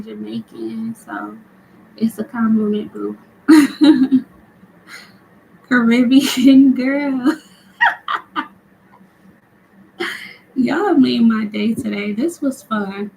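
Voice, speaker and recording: Slow-talking, laughing woman tarot reader. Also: on the high side, creaky, darkish tone, a little hiss or hum, poor audio. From United States. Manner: chatty, laughs often, reads viewers' comments aloud. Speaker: tarot reader hosting a live stream. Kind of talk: casual live-stream chat.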